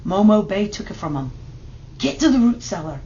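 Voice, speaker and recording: A woman's voice: medium pitch, big pitch swings, normal speed, dark tone. A woman reading a storybook aloud, voicing an older woman who urgently orders two boys to hide. The recording sounds slightly dull, with faint hiss. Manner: urgent, commanding, Southern country speech.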